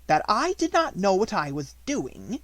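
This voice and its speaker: A man voicing a stern, harsh schoolmistress, scolding a pupil in shrill outrage, in an audiobook reading. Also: huge pitch swings, drawn-out words, warm tone, no room sound, exaggerated voice. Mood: outraged.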